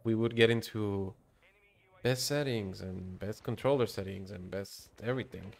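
A man's voice: lowish voice, normal speed, gravelly, a little hiss or hum. A man streaming a shooter game, rambling in casual commentary, muttering to himself and swearing now and then. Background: gunfire from the game.

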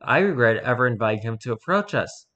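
A man's voice: mid-range voice, fairly quick, highs cut off. Man casually reading spooky stories. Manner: relaxed, unpolished reading with restarts and self-corrections. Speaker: story reader.

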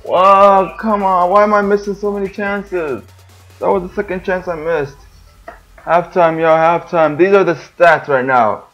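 A young man with a fairly high voice gives live commentary on a football video game. He is excitable, shouting at the match and griping often. Soft game music plays underneath. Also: moderate pace, muffled recording. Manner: excitable, yells and groans at the game, complains often. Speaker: gaming channel host.

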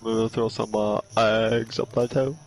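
A man's voice: lowish voice, flat delivery, vocal fry. A man chatting casually and laughing while playing a video game with a friend. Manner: laughing, chatty, quick to cheer. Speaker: co-player.

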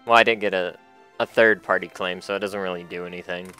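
A man hosts a casual video game playthrough and keeps up a chatty, laughing commentary. His voice is bright and smooth, and he often reads the characters' lines aloud. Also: low-pitched, steady tone, quick pace, soft background music. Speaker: let's play host.

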